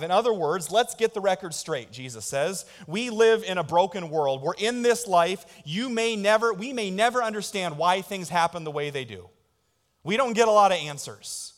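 A man's voice: fairly high pitch, fairly bright tone. A man pastor preaching a sermon in a church, calling on the congregation to answer back. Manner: call-and-response preaching. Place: church sanctuary. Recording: long reverb in a church hall.

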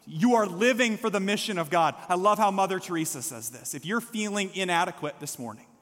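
Male pastor, high tenor, passionate sermon delivery, long reverb of a church sanctuary. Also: lively intonation, brisk, a bit bright. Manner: impassioned, builds to calls for response.

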